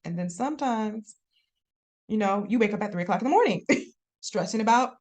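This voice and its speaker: A young adult woman chatting casually as a podcast guest, expressive and quick to laugh. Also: mid-range voice. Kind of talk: casual interview chat.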